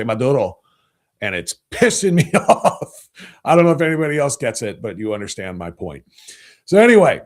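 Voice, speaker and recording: Rambling, opinionated man hosting a podcast. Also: mid-range voice. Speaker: podcast host. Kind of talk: casual political commentary livestream.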